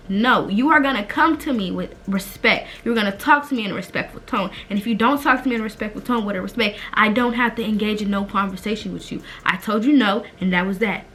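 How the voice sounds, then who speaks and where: Young woman vlogger, crisp bright tone, animated slangy storyteller. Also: mid-range voice, slight background noise. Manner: emphatic, animated, slangy retelling. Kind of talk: storytime vlog.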